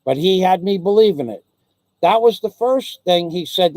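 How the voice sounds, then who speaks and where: A man's voice: sits high, animated, normal speed, darkish tone, no room sound. A man hosting a livestream, ranting angrily and with heavy profanity, often repeating his phrases. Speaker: livestream host. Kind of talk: angry livestream rant.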